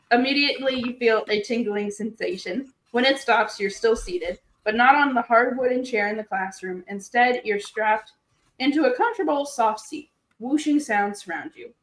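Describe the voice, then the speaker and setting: A woman hosting a stream, reading a gamebook aloud in an animated, joking way and laughing often. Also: a little high, moderate pace, reverberant, poor audio. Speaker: host.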